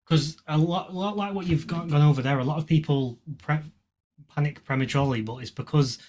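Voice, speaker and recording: A man hosting a podcast, speaking casually and haltingly, restarting as he gathers his thoughts. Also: on the high side, a little mellow, slight background noise. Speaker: podcast host.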